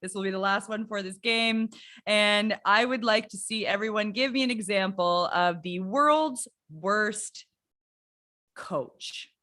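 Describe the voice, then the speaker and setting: A woman's voice: mid-range voice, fairly even intonation, moderate pace, bright, forceful tone. A woman hosting a live improv game, upbeat and laughing often. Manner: giggly, upbeat. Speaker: improv host.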